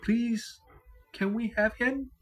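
A woman reading aloud, voicing an eager little girl in a storybook, with a high, excited, pleading delivery. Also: slow, recorded from a distance, slight background noise.

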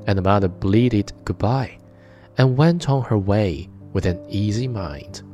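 A man with a low, mellow voice reads a fairy tale aloud in a measured, expressive way. His tone is dark and relaxed. Soft music plays faintly under his narration. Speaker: storyteller.

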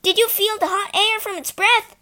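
A woman's voice: very high-pitched, fairly even intonation, normal speed, voice pushed up. A woman doing a hot-headed young boy. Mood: excited. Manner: loud and sulky.

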